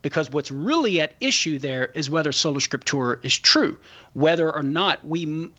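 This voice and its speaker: A man's voice: fairly high pitch, lively intonation, moderate pace, pushed and bright. A man answering a caller's question on a talk show, laying out his points methodically and in a friendly way. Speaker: Catholic apologist guest.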